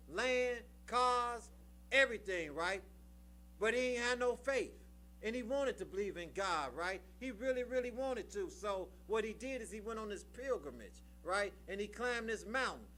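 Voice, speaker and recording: A man's voice: high-pitched, sharp tone, slight background noise. A man speaking at a recovery meeting, telling a story in a colloquial, preachy way and often tagging his lines with "right?". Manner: preachy, repeats phrases for emphasis.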